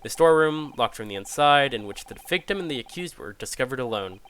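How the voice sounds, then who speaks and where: A man's voice: medium pitch, expressive, quick pace, fairly bright tone, slight background noise, voice pushed down, natural voice. A man voicing a formal older judge presiding over a court, with stately courtroom phrasing.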